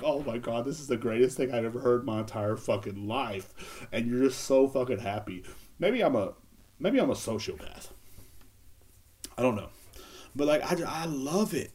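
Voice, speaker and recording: A man with a medium-pitched, slightly mellow voice hosts a casual solo podcast. He rambles and jokes, swearing often, using lots of filler words and laughing at his own bits.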